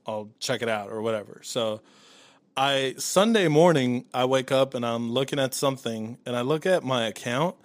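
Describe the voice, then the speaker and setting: A man in a casual chat, telling a long story in a lively way, acting out the voices of the people in it and swearing freely. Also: medium pitch, normal speed, no echo. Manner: animated storytelling, acts out his own quotes, swears freely.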